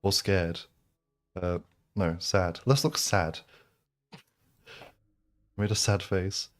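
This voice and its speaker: A man's voice: deep voice, extremely slow. A man casually commenting while playing a game, joking and talking himself through his choices. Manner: joking, self-amused, talks to himself. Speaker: streamer.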